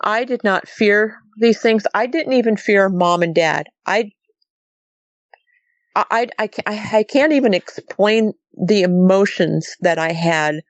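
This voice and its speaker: Slow and medium-pitched, with no room sound, a middle-aged Montana woman describes a sighting as an interview guest. She keeps it casual but animated, performing the quoted dialogue with a repeated "she goes."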